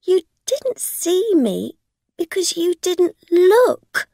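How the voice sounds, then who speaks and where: Woman reader doing a pushy schemer, raised pitch, gravelly, slow. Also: expressive, dry recording, clean studio sound, full character voice. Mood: demanding. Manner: sharp, insistent, bargaining. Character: scheming middle-aged woman, bold and demanding. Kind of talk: storybook reading.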